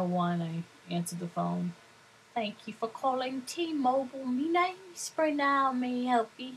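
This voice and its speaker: A woman's voice: lowish voice, slight background noise, rough recording. A middle-aged woman chatting casually to her viewers, rambling from story to story and laughing often. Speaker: vlogger.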